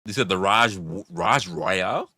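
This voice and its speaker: A man hosting a live-stream commentary, profane and argumentative, hammering his chat with rhetorical questions and calling out donations. His voice is bright and sharp-edged, with pitch that leaps around as he gets worked up. The sound is close and dry, with no room echo. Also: lively intonation, a little slow. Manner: reads out and thanks viewer donations. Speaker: livestream host.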